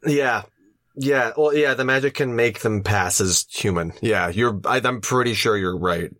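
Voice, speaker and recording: A man's voice: medium pitch, unhurried, a bit bright, no room sound, clean studio sound. A man co-hosting a podcast in casual chat, with wry, sweary banter. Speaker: podcast co-host.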